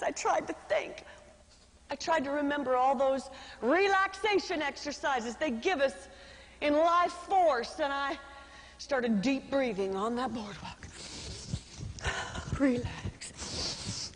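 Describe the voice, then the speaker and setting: A woman giving a speech to a live audience, telling a dramatic story with acted-out voices. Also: sits high. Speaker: motivational speaker. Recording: reverberant hall.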